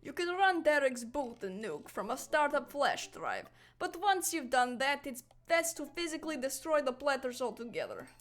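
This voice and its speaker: A woman's voice: sits high, sing-song, normal speed, faint music behind. A woman voicing a gloomy, formal goth man who loves Victorian things, with a put-on Slavic accent. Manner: stiff, formal diction.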